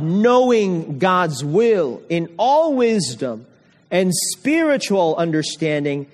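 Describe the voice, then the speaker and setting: A man's voice: sits high, in a large hall. A man preaching an evening sermon, reading scripture aloud and putting questions to the congregation, repeating key words.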